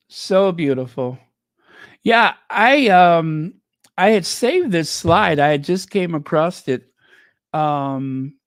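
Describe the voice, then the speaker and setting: A woman host chatting through a royal news livestream, unhurried and meandering, stopping often with fillers and false starts. She gushes sentimentally over what she reads out. The sound is close and dry, with no room around it. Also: fairly low pitch, dry recording. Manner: chatty, rambling, full of fillers and restarts; gushing, sentimental reactions. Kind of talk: casual livestream commentary.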